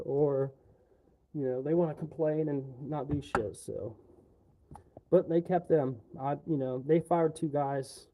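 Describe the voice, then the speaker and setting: A man's voice: fairly high pitch, steady tone, unhurried, warm tone, a little hiss or hum. A man on a livestream, ranting casually in a rambling, profane way.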